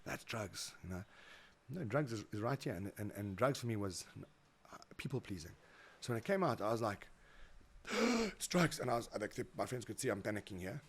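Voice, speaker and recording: A fast-talking South African man with a low voice tells his stories as a guest in a relaxed interview. He is animated and acts out the voices of the people he quotes, often repeating his words as he goes. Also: husky. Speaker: guest, motivational speaker. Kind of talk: casual interview storytelling.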